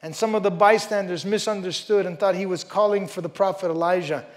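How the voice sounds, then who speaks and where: A man with a high voice preaches a sermon to a church congregation. He reads scripture with strong emphasis and drops to hushed asides. Between readings he talks casually and often says "you know". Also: steady tone, fairly quick. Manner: emphatic, swings between loud stresses and quiet asides. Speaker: pastor. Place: church service before a congregation.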